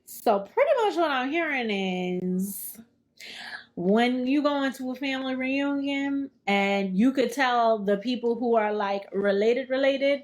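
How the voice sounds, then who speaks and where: A woman hosting a study session, reading a book aloud and stopping to explain it in her own words, playful and quick to laugh at herself. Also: a little high. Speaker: study group host.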